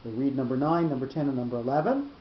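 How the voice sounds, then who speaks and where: Guy teaching a torah class, repeats himself a lot as he explains, kinda muffled lo-fi room sound. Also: mid-range voice. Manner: explains slowly, often repeating words. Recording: roomy lo-fi class recording.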